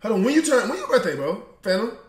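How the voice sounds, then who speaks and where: A man's voice: high voice, very animated, fast, reverberant. A man streaming live, chatting casually in a laid-back, slangy way and laughing often.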